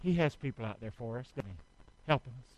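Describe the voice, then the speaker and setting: A man's voice: mid-range voice, lively intonation, fast, dry recording, dull audio. A man preaching a sermon in church, exhorting and calling on the congregation to answer back while he works through a demonstration. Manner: exhorting, calls for congregation response; out of breath from effort. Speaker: pastor.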